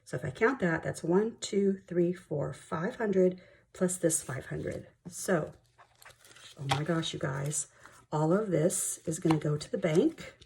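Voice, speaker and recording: A young woman talks through her cash savings, chatty and excitable as she counts bills aloud. Her voice sits low and mellow. A faint hiss sits under the recording. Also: a little slow, gravelly. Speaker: budgeting vlogger. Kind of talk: casual chat while counting cash.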